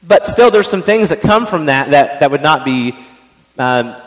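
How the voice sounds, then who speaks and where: A man's voice: a little high, expressive, normal speed, in a large hall, low-quality recording. A man giving an evening church teaching in a conversational, explanatory way, with frequent fillers and restarts.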